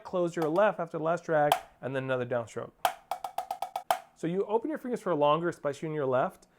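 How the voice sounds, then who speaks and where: A man with a slightly high voice coaches drum rudiments, counting off and scatting rhythms with firm instructions. Loud percussion plays along under his voice. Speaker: percussion teacher. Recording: spoken over loud percussion playing.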